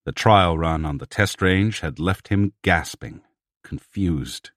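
Deep-voiced male audiobook narrator. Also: takes it slowly, a bit bright, no room sound, clean studio sound. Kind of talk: scripted narration.

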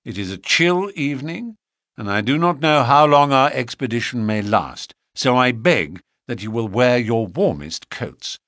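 A man reading an audiobook, voicing a confident, theatrical gentleman detective who speaks in a measured, persuasive and gently lofty way. He stays close to his own reading voice. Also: mid-range voice, animated, no room sound.

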